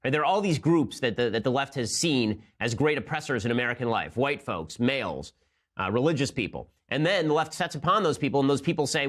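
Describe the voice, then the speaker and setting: A man's voice: mid-range voice, animated, fairly quick, fairly bright tone. A man delivering a combative, sarcastic political monologue as host of the show. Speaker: political commentator. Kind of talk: fast opinion monologue.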